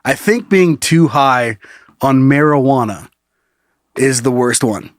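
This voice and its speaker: A man's voice: medium pitch, expressive, slow, no room sound, clean studio sound. A man co-hosting a podcast who reads out a listener's story in casual chat, breaking into laughter as he goes. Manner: laughs often while reading. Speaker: podcast co-host.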